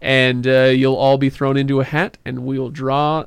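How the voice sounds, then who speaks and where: A man's voice: mid-range voice, level tone, a little slow, vocal fry, smooth, dry recording. A man hosting a casual podcast, talking in a loose, joking way with plenty of filler words. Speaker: podcast host.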